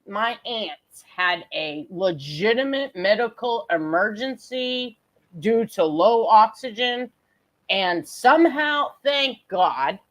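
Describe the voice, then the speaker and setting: A woman hosting a livestream, reacting with sarcastic, profane commentary and frequent laughter. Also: medium pitch. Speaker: livestream host reacting to a clip.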